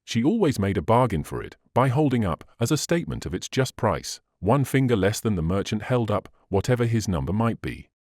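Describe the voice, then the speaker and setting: A man narrating a classic novel in an expressive reading style. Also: lowish voice, a little fast, few pauses, no room sound, studio quality. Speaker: audiobook narrator.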